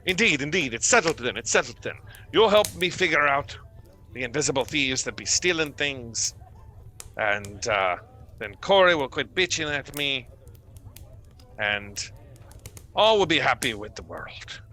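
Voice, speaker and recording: Man playing a jovial dragonborn official, folksy drawl, bright and forceful. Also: medium pitch, animated, a little slow, long pauses, soft background music, low-quality recording. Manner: folksy, drawling "be" dialect, exclamatory.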